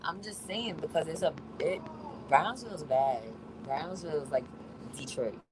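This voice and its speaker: New woman livestreaming on the bus, slangy and chatty, mask-muffled, loud bus noise on a phone mic. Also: deep voice, a little slow. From New York. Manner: chatty, reads out viewer comments, slangy. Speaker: live streamer. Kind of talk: casual live-stream chat. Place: on a city bus. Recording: noisy phone recording on a moving bus.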